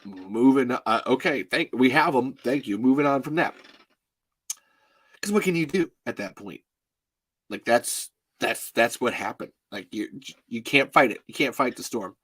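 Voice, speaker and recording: A man retelling a personal story in a casual, halting way, sighing often and close to tears. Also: mid-range voice, animated, a bit bright, breathy edge. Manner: many restarts and fillers, rambling.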